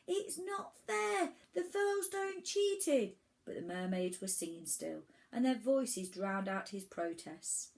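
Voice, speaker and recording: A woman reading a children's storybook aloud, telling it in an animated way with the odd restart. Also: lowish voice, rough recording. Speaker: children's book reader.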